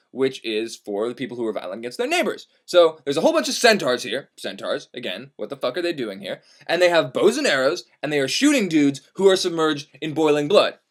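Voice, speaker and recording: A man casually retelling a classic epic as comedy, profane and full of wry asides. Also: fairly high pitch. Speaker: storyteller. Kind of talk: irreverent comic retelling of a classic.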